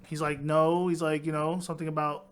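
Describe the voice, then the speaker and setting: An excitable man co-hosting a casual film podcast, retelling scenes and quoting characters. His voice sits high and he talks fast. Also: smooth. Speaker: podcast co-host. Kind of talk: casual film review chat.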